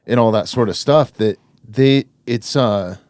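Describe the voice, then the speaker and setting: A man hosting a podcast, chatting in a relaxed, reflective way with many fillers. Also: medium pitch, unhurried, dry recording, clean studio sound. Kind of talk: casual conversation.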